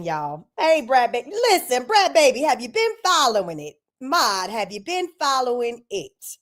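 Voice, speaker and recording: A woman hosting a casual livestream. She talks directly to her viewers in an animated, chatty way. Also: on the high side, normal speed, few pauses. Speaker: commentary vlogger.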